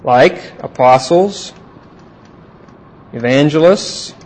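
A man teaching a Bible class, asking his students questions and repeating key points slowly. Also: on the high side, a little mellow, rough recording.

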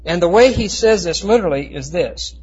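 A man teaching a Bible class, explaining Greek words with emphatic, slowed stress and frequent restarts. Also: high-pitched, animated, darkish tone, breathy edge. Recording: dull lo-fi recording.

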